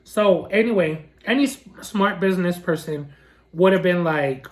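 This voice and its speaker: Animated man telling a story. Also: sits high, moderate pace. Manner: animated, indignant storytelling with lots of fillers; re-enacts dialogue in shifting voices. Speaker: food vlogger. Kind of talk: story time.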